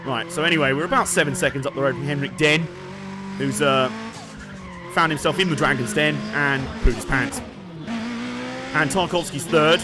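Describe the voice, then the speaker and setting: With engine noise and racing game music behind him, a male let's play streamer jokes, swears and laughs a lot while commentating live on his racing game. His voice is fairly high and moves at a normal speed.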